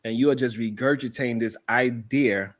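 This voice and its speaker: A woman's voice: very deep voice, fairly even intonation, normal speed. A woman co-hosting a heated casual debate, talking in a brash, profane, argumentative way.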